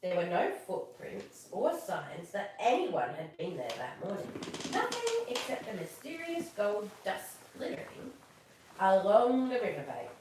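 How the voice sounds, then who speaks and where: A woman reading a children's story aloud on a live stream, expressive, chatting with viewers between pages. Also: medium pitch, unhurried, recorded from a distance, noisy background. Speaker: storyteller host. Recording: echoey room, voice off-mic.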